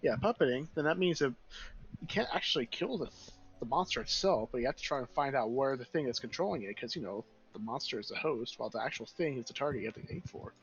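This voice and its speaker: A man's voice: mid-range voice, quick pace, slightly rough, soft background music. Give me a man playing an eager young boy heir who keeps correcting himself, on a dull lo-fi recording. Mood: thoughtful. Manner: rambling, excitable, self-correcting.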